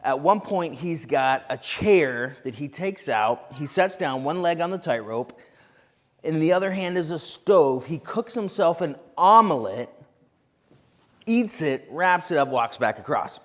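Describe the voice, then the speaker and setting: A man preaching a sermon as pastor, telling a story with lively asides. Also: on the high side. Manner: animated storytelling with quick asides. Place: church sanctuary. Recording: long reverb of a church hall.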